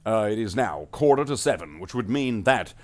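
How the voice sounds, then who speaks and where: A man's voice: lowish voice, expressive, normal speed. Man rambling jokily as a livestream host. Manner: rambling and jokey, calls viewers "brother Marines". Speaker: livestreamer painting miniatures. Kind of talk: casual livestream chat in a space marine persona.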